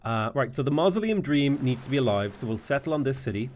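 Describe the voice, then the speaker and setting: An Irish man commentating his strategy game live, his voice swinging widely up and down as he talks. He ribs his chat with quick teasing jokes between calm notes on his moves. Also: medium pitch, a little hiss or hum. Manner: joking banter with chat. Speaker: streamer.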